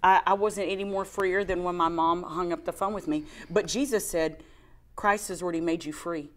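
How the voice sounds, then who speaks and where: Animated woman telling a faith story. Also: on the low side, normal speed. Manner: animated storytelling, mimics her own whiny crying voice. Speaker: co-host sharing a testimony. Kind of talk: casual faith talk show.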